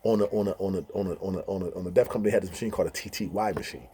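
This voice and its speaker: A man's voice: deep voice, rapid-fire, mellow, slightly rough. A man hosting his own channel, telling stories in a slangy, loose style full of asides. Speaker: channel host, storyteller. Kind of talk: casual storytelling.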